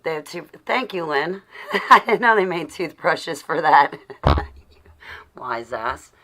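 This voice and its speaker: A woman's voice: low-pitched, slow pace. A woman hosting a casual livestream, chatting to her viewers and muttering to herself as she looks for something. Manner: flustered, talks to herself while searching; affectionate shout-outs to viewers. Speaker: livestream host.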